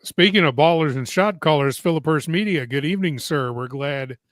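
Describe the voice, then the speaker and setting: Guy hosting a live watch stream, chatty, kinda higher voice, dry close sound. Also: fairly quick, a bit bright, no room sound. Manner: chatty, reads viewer comments aloud. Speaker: host. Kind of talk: casual live-stream chat.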